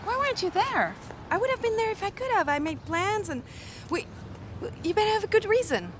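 A high, light voice carries a wistful, teasing woman who pleads and frets. The film clip has clear street noise behind her. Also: lively intonation, brisk. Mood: teasing, anxious. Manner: playful, anxious, pleading. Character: wistful, teasing French woman reunited with old love.

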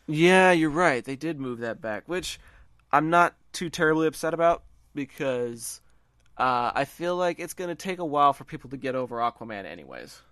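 A man's voice: on the high side, animated, moderate pace, fairly bright tone, clean tone, no room sound, studio quality. A man from the American South co-hosting a podcast, chatting casually and enthusiastically about movies, often restarting his phrases. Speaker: podcast co-host.

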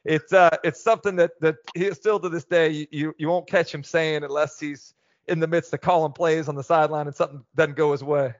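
A man's voice: a little high, a little fast, no echo. Candid middle-aged man on a dry recording. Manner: candid, animated storyteller. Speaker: former football player and guest analyst. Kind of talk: casual interview chat. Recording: dull, dry lo-fi sound.

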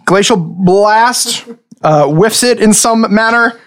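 A man runs a tabletop game as game master, narrating the action in a casual, rambling way. His voice sits on the higher side and stays lively. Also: takes it slowly.

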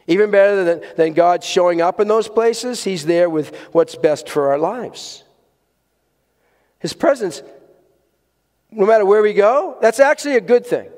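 A man's voice: sits high, animated, measured pace, long pauses, a little mellow. A man preaching a sermon to a congregation in a church, earnest and emphatic, repeating key words for weight. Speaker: pastor. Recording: long hall reverb.

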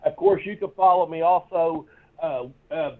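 Guy telling a long cussing story, kinda high voice, laughs a lot, muffled lo-fi sound. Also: normal speed. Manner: profane, laughing, rambling storyteller. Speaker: guest, former pro wrestler. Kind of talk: casual storytelling. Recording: dull lo-fi audio.

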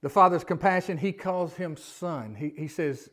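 A pastor preaching to his congregation in a church. His voice sits high for a man, and he talks in a folksy way, often putting questions to the people in front of him. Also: fairly quick, hardly any pauses, a bit bright. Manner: folksy, asks the congregation questions, pleading rises. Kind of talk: sermon. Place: church sanctuary.

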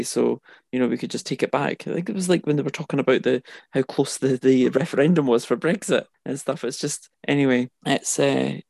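A man's voice: mid-range voice, creaky, a little mellow, no echo. A man co-hosting a casual political discussion, thinking aloud with many fillers and restarts. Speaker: podcast co-host.

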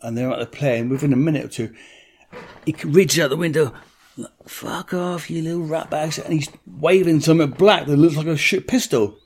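A man's voice: a little high, brisk, a little mellow, husky. Blunt, plain-spoken man. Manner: blunt storyteller, acts out voices in his anecdotes, swears freely. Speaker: interviewee. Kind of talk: telling a story in an interview.

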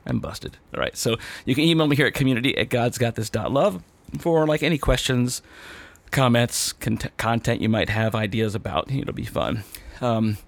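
A man's voice: medium pitch, moderate pace, gravelly, no room sound. A man hosting his own podcast from a studio, talking off the cuff with many fillers and restarts, out of breath. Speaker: podcast host. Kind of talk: casual off-the-cuff podcast talk.

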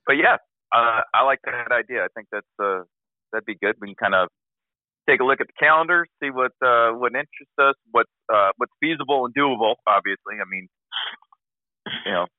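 A man co-hosting a podcast in casual chat, teasing the others and quick to laugh. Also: mid-range voice, lively intonation, no echo. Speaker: podcast co-host. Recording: tinny phone-like remote line.

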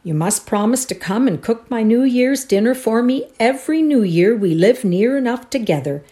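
A woman's voice: a little high, animated, normal speed, pitched above the performer's own voice, lightly acted. A woman voicing a crabbed old uncle in a read-aloud story, speaking earnestly and with regret. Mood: eager. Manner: earnest, warmly apologetic. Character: gruff, remorseful old bachelor uncle.

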